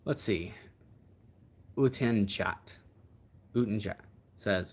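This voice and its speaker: A man's voice: on the low side, a little slow, long pauses, slightly rough. A man hosting a livestream, chatting casually in a rambling, reflective way. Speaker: livestream host.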